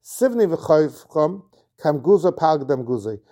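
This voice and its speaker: A man's voice: on the high side, big pitch swings, a little slow, mellow. Man explaining a Talmud lesson. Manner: reads Aramaic phrases then explains them, with restarts. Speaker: Talmud teacher. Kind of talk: Talmud lesson, translating Aramaic into English.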